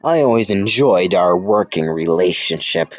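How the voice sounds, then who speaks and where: A man's voice: sits low, lively intonation, unhurried, no room sound, muffled recording, faint music behind. Man putting on a prim British lady builder. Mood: doting. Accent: put-on British. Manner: formal, gushing, repeats "my fine gentleman". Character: prim British woman builder, doting and fussy.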